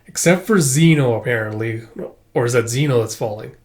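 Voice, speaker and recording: A man's voice: mid-range voice, brisk, darkish tone. A man casually reading and recapping a comic aloud, rambling with fillers and forgetting names. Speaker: manga reader and recapper.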